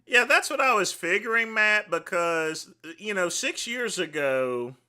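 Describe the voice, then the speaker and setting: A man's voice: high voice, expressive, unhurried, pushed and bright, smooth. A man in his forties, host of a livestream, rambling in casual chat with many fillers. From United States. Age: 40s. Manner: rambling, repeats himself, lots of "you know".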